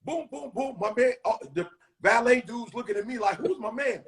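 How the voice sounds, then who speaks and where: Motivational co-host, middle-aged man, high and preachy. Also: normal speed, creaky, noisy background. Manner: preachy, storytelling, slangy. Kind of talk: hyped motivational talk.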